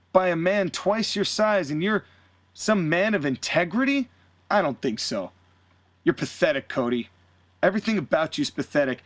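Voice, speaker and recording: A sneering young wrestler, put on by a man mocks his rival with a higher, pushed-up voice and a dry close sound. He swears freely and stays cocky and contemptuous. The taunts come in short, biting jabs. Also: a bit bright, no echo.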